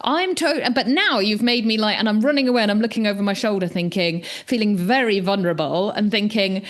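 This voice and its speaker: A woman co-hosting a podcast, telling a story in a casual, animated way, acting out what people said and laughing often. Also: fairly quick. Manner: animated, acts out quotes with big pitch jumps; laughs often, many restarts. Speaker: podcast co-host.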